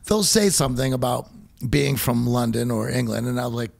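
Gravelly-voiced American man co-hosting. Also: mid-range voice, moderate pace. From Pittsburgh, USA. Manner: restarts, stammers, rising emphasis. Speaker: podcast co-host. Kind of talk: casual podcast conversation.

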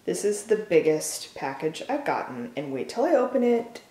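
A woman's voice: fairly low pitch, sing-song, normal speed, few pauses, warm tone. A woman beauty vlogger and makeup artist, chatting casually and enthusiastically as she unboxes products, with plenty of fillers.

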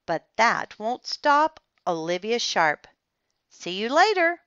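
A bossy young girl with a flair for drama, as a woman reading aloud puts her on. She talks in a grand, insistent, theatrical manner, pitched above the reader's own voice and bright in tone. The recording is dry and a little muffled. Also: very animated, slow, no echo, heavily acted. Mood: indignant. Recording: slightly dull, muffled recording.

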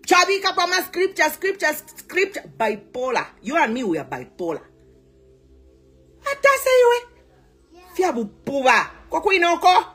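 Zambian influencer, female, fiery scolding rant, high and animated delivery, mixes English with local words. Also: normal speed, faint music behind. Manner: scolding, switches between English and local words, mocking repeats. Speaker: social media influencer. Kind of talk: heated vlog rant.

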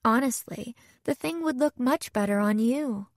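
Woman reading as weary young bride, hesitant, slightly raised pitch, slow delivery. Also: dry recording, clean studio sound. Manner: tired, hesitant.

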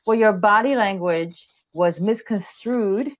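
A woman teaching a business webinar as a guest strategist, lively, laughing often and repeating words as she talks over a video call. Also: medium pitch, normal speed, no room sound, lo-fi sound.

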